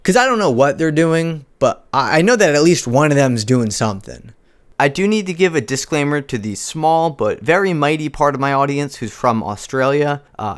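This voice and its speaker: A man's voice: mid-range voice, animated, moderate pace. A man hosting a comedic video commentary, sarcastic and incredulous. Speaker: commentary youtuber.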